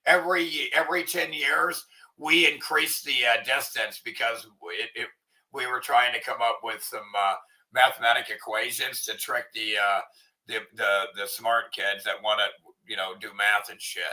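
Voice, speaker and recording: A man hosting an online commentary show, ranting in a crude, profane way and sometimes shouting. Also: medium pitch, steady tone, normal speed, rough recording. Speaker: channel host. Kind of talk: casual commentary rant.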